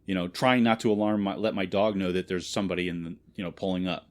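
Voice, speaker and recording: A man with a fairly low voice rambles through a long anecdote on a casual podcast. He swears constantly, keeps checking in with "right?", and breaks into loud laughter at his own jokes. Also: fairly even intonation, quick pace. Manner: profane rambling storyteller, laughs loudly. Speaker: podcast co-host. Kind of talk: casual chat.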